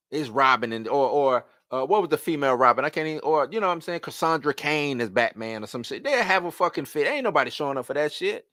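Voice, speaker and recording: A man's voice: mid-range voice, dry recording, studio quality. Slangy man ranting on a livestream. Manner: animated, loose slangy talk with repeats. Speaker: live stream host. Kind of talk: casual live-stream rant.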